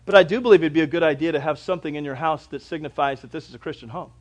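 A man delivers a sermon from the pulpit in a fairly high voice. He preaches emphatically, swelling loud on key points and dropping almost to a murmur elsewhere. His delivery is earnest and driving. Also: rapid-fire. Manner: preachy, emphatic, dramatic swings in loudness. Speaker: pastor.

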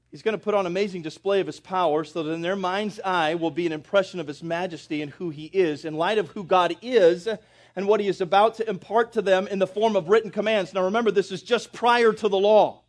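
A man with a very high voice preaches a sermon. He talks right to his listeners and builds from quiet stretches to forceful ones. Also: brisk. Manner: addresses congregation directly, builds in intensity. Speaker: pastor.

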